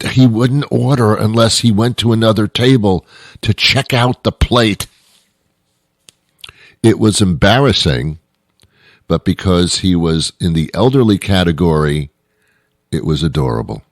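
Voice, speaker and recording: A man's voice: low-pitched, no echo, clean studio sound. A man hosting his own show, rambling through a self-deprecating comic monologue with stumbles and restarts. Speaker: host. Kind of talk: comedic monologue.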